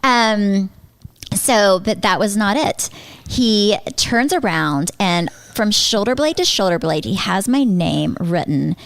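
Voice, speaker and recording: A woman podcast host in casual chat, telling a funny story with lively, self-mocking energy. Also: mid-range voice, slow pace, vocal fry, no room sound.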